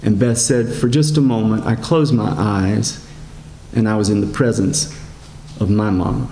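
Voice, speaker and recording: A man, a priest giving a sermon in a gentle storytelling manner, slowing down and rising in pitch for emphasis. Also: fairly even intonation, a little hiss or hum. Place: church. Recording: echoey church sanctuary.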